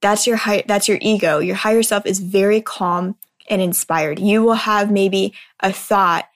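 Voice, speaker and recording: This is an earnest woman giving a casual motivational talk at a mid-range pitch. She speaks like a mindset speaker in a conversational way. She keeps tossing a quick "right?" to her listeners. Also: fairly even intonation.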